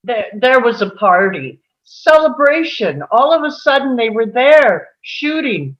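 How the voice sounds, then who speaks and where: A woman's voice: fairly high pitch, big pitch swings, measured pace, lo-fi sound. A woman reading the part of a frightened male villain posing as a hostage, stammering and pleading in a table read over a video call. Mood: scared, pleading.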